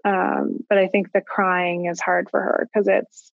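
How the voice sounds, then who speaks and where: A woman in her thirties, a parent talking about her family in a casual conversation, thoughtful and halting, with frequent restarts. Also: medium pitch, little pitch movement, creaky, dry recording, narrow, tinny audio. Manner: reflective, halting with restarts and likes. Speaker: guest parent.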